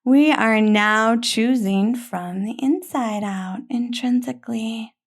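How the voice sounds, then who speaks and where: Slow, emotional woman reaction host. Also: a little high. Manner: earnest, emotional, soft-spoken with slow pauses. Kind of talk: reflective reaction monologue.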